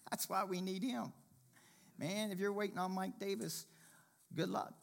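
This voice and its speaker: A man preaching a sermon as pastor, swinging from impassioned loud passages to hushed, quiet ones. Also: high voice, flat delivery, normal speed, vocal fry, a little hiss or hum.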